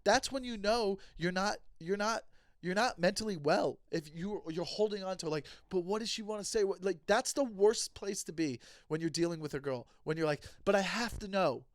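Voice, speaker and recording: A man with a high voice tells a story on his podcast as a heated, profane rant. He switches between himself and the people in the story, and the sound is close and dry. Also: normal speed, no room sound. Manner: acts out both sides of conversations. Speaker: comedian and podcast host. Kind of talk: casual storytelling monologue.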